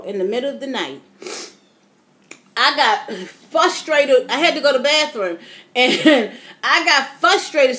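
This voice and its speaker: A woman's voice: high voice, sharp tone. A woman in her fifties vlogging, telling stories in a chatty, dramatic way and calling her viewers y'all. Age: 50s. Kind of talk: casual storytelling to camera.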